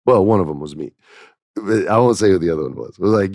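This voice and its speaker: A middle-aged man with a low, deep voice tells a casual story on his podcast. He acts out the dialogue with bursts of laughter. The recording is dry and close, with no room sound. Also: rapid-fire, no room sound. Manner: animated anecdote-telling with laughs and quoted dialogue. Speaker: podcast host.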